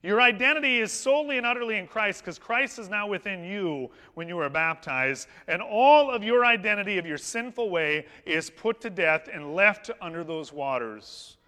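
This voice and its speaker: Male pastor, high voice, conversational storytelling sermon, church reverb. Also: animated, moderate pace, few pauses. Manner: conversational, anecdotal, warm humor. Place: church sanctuary. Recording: long hall reverb in a church.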